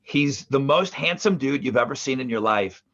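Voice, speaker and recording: A middle-aged man co-hosting a podcast from a home basement, a former radio interviewer talking in a halting, self-deprecating way. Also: mid-range voice, expressive, vocal fry, fairly bright tone, muffled recording. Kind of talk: casual chat.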